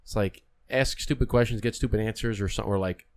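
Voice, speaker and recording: A man's voice: lowish voice, fast talker, clear, resonant tone. A man hosting a podcast, chatting casually and animatedly, acting out the people in his stories. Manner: animated storyteller, acts out voices in stories. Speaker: podcast host.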